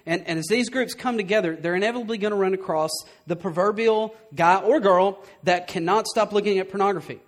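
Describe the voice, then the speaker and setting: Man, pastor, sermon, high voice, animated, emphatic, rhetorical questions. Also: fairly quick, hardly any pauses.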